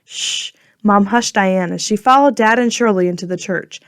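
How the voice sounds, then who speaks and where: A woman narrating a children's storybook in a clear, gentle storytelling manner. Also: mid-range voice, normal speed, no room sound, studio quality. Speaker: audiobook narrator.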